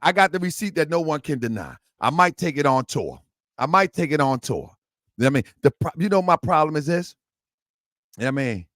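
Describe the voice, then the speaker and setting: A man's voice: fairly high pitch, sing-song, brisk, fairly bright tone, dry recording, studio quality. A man hosting his online show, talking in a rambling, repetitive way with lots of slang. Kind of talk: casual livestream talk.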